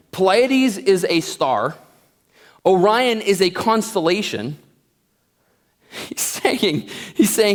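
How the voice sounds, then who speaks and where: Animated male Bible teacher in an echoey hall. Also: sits high, slow pace, long pauses. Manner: conversational, joking, animated. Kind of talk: Bible lesson.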